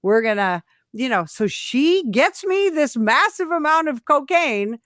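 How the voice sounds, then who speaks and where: Animated woman telling a police story. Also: high voice, a little slow, no room sound, studio quality. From Illinois. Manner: animated storyteller, acts out quoted voices. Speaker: retired police sergeant, guest. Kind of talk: storytelling in a casual interview.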